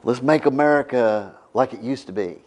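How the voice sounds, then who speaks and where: A man's voice: medium pitch, normal speed, a little mellow. A middle-aged man preaching a sermon in a conversational way, often stopping to ask "right?". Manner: conversational, keeps asking "right?".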